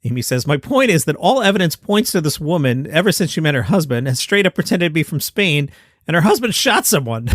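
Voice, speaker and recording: A man's voice: on the high side, very animated, brisk, a bit bright, no room sound, clean studio sound. Wry man hosting a comedy news podcast. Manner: wry, sarcastic asides between read quotes. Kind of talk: casual news commentary reading reviews aloud.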